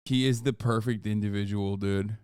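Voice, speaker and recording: Excitable cursing streamer man. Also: fairly low pitch, normal speed, clean tone, no echo, clean studio sound. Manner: profane, excitable, laughing. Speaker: streamer reacting to a documentary. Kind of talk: casual reaction commentary.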